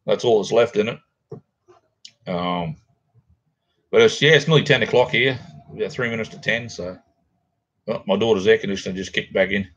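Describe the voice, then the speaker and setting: A man's voice: lowish voice, moderate pace, pauses often, breathy edge, muffled recording. A middle-aged Australian man rambling casually to viewers while hosting a livestream from home. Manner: rambling, laid-back, chatty with viewers. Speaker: livestream host. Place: home, near a garage.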